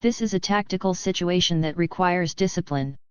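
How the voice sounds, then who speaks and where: A stern young team leader barks clipped, rigid orders, as a woman narrator voices him. The voice sits low and smooth. The sound is dry and a little dull. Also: normal speed, darkish tone, no echo, close to an everyday voice.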